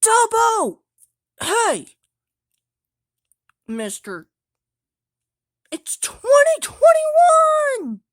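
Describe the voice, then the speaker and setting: A person rambling through a one-person pretend play, excitable, jumping between shouted lines and low murmurs. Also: female voice, slow, no room sound, studio quality.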